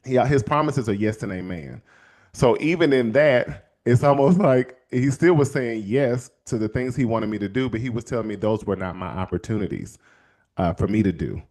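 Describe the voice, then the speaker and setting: An American man hosting an inspirational show, telling stories in a casual, animated way and jumping into high, excited exclamations. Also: moderate pace.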